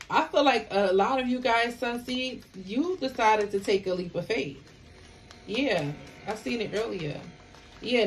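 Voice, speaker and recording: Animated woman giving a tarot reading. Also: mid-range voice, a little hiss or hum. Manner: animated, emphatic, talks back to the cards. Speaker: tarot reader. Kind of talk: casual tarot reading to camera.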